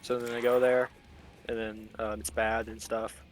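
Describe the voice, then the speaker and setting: A man's voice: fairly low pitch, little pitch movement, normal speed, faint music behind. Rambling young man recapping game lore. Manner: rambling, loose slangy storytelling with fillers. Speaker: host explaining game lore. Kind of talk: casual comedic recap.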